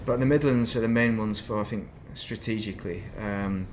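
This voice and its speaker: A man's voice: fairly low pitch, moderate pace, background noise. Rambling man streaming a game. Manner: rambling, chatty, self-deprecating asides. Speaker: gaming streamer. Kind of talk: casual live-stream chat while playing.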